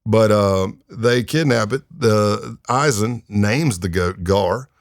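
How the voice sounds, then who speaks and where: This podcast guest, a retired undercover agent in his fifties, has a voice on the low side and takes his time. Recorded at studio quality with no echo, he tells his story casually and with animation, acting out quoted voices and using plenty of fillers.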